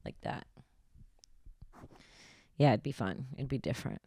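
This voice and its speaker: A woman comedian in her thirties with a low voice rambles through a confessional podcast monologue. She talks in a loose, profane way. The sound is close and dry, with no room in it. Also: normal speed, pauses often, no echo. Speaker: stand-up comedian hosting a podcast. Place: podcast studio.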